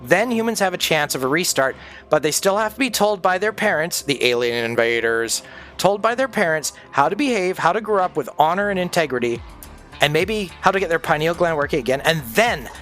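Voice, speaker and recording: Ranting, profane man with a higher voice. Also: lively intonation, a little fast, a bit bright, faint music behind. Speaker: streamer. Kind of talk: casual chat while gaming.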